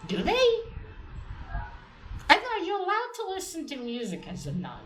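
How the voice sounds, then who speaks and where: A woman with an Israeli accent giving a casual, animated spoken review, ranting and swearing in exasperation. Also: very high-pitched, a little slow, distant mic. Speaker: comic reviewer. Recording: roomy echo, off-mic.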